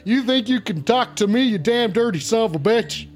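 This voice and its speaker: A man's voice: very high voice, lively intonation, moderate pace, soft background music. A man streaming in a persona, playing a brash, foul-mouthed male wrestler who trash-talks and repeats his insults. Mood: trash-talking. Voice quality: gruff and shouty, heavy profanity. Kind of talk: livestream persona rant.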